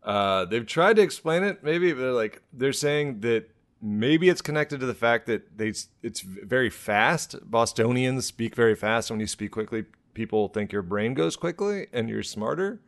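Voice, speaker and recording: Male host, animated pitch, playful and laughing, casual news-riff delivery. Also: moderate pace. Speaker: podcast host. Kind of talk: casual comedic chat.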